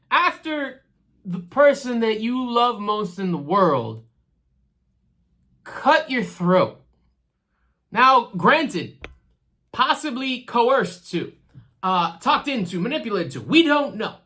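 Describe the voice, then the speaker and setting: A woman giving casual commentary on a TV series, rambling and laughing, and talking straight to the characters as if they could hear her. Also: fairly high pitch. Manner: animated, talks straight to the characters; chatty, rambling, laughs easily. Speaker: TV show reviewer.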